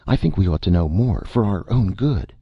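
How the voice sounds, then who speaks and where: Male reader does shrill, prying elderly gossip lady; husky, dry, lo-fi. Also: animated, moderate pace, no room sound, heavily acted. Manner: suspicious, whispering, shrill. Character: nosy gossiping older woman shopper.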